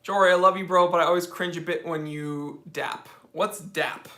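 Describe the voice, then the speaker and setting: Bright-voiced playful American host. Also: male voice, a little high, steady tone, moderate pace, roomy sound. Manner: joking, playful, reading comments aloud. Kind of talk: live Q&A stream chat.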